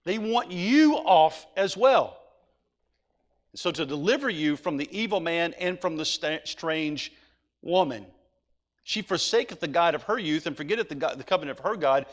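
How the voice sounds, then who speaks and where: High-voiced guy preaching, reads verses then gets loud and pleading. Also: expressive, moderate pace. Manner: reads scripture aloud then preaches, rising to urgent pleading. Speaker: pastor. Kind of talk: sermon.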